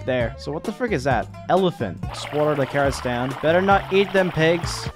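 A man narrating his own gameplay in a let's-play video, reacting with excitable exclamations and laughs. His voice sits a little on the higher side. Music plays clearly underneath him. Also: moderate pace. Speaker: gaming YouTuber.

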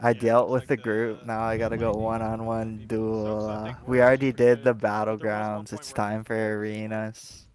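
A man of middling pitch jokes around in casual gaming chat, often repeating phrases for effect. He talks at an unhurried pace. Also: monotone, a crowd in the background. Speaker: gamer in voice chat.

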